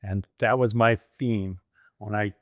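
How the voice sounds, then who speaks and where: Here a fifty-something American franchise owner, interviewed casually, walks through his career while imitating voices and laughing frequently. His pitch is fairly low, his tone steady and his pace measured, and there's no room sound.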